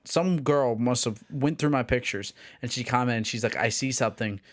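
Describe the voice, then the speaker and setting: Relaxed man telling fight stories. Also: medium pitch, moderate pace. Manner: laid-back storytelling, amused. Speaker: amateur fighter recounting a bout. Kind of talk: casual podcast chat.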